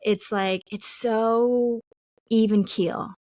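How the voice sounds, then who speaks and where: A woman's voice: fairly high pitch, steady tone, very slow, dark tone, dry recording, clean studio sound. A woman co-hosting a podcast in a casual chat, talking loosely with many fillers and frequent laughs. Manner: chatty, laughs often, lots of "like" fillers. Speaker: podcast co-host.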